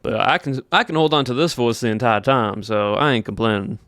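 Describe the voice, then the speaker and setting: A man with a Southern US accent chats casually with his livestream viewers, thinking aloud as he polls the chat. His voice is medium-pitched, a little fast and slightly bright, recorded clean in a studio with no echo.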